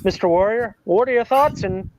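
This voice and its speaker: A man's voice: sits high, normal speed, darkish tone, slight background noise, close to an everyday voice, low-quality recording. A man doing an impression of an older male wrestling interviewer, asking questions in an announcer style. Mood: announcing.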